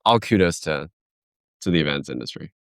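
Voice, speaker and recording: A man's voice: very deep voice, lively intonation, a little fast, creaky, a bit bright, dry recording, clean studio sound. A man speaking as a keynote speaker in a conversational podcast interview, telling stories animatedly and acting out quoted voices.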